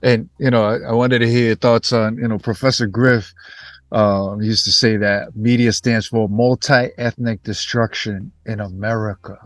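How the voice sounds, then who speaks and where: Man asking measured interview questions. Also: fairly low pitch, level tone, dry recording. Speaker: podcast host.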